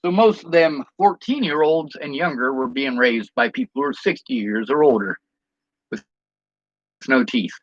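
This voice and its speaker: A man's voice: medium pitch, sing-song, normal speed, no room sound, muffled recording. A man venting in a personal vlog rant, bitter and indignant, with frequent swearing.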